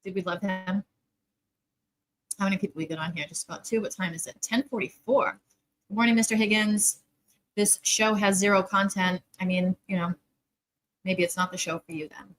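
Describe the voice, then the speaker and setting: A woman co-hosts a casual livestream, rambling along while she sorts out screens and muting. Her voice is at a middle pitch and easygoing. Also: steady tone, normal speed, pauses often, a bit bright, rough recording. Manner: rambling, fumbling with tech. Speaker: co-host.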